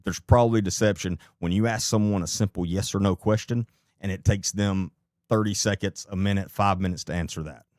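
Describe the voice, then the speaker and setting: A man's voice: deep voice, fairly even intonation, brisk, a little mellow, no room sound, clean studio sound. A man commenting live on a video clip, blunt and incredulous, who swears and repeats rhetorical questions.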